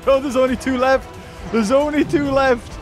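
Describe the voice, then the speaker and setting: Brief: animated gamer, high voice, faint game music behind. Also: male voice. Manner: shrieks and laughs at the action, fast chatter. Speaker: gaming YouTuber. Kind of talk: excitable gameplay commentary.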